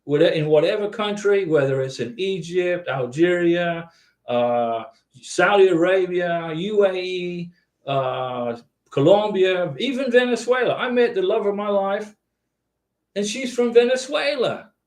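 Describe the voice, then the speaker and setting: High-voiced older man in an echoey room. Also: expressive, unhurried, a little mellow. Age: 60s. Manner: earnest, repetitive, folksy, tags lines with 'okay'. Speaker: host of an immigration advice live stream. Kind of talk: casual live-stream chat.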